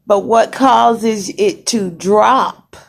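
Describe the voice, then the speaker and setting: A woman's voice: mid-range voice, very slow, creaky. A young woman chatting casually to viewers from a hospital room on a phone camera, saying y'all and greeting commenters. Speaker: vlogger.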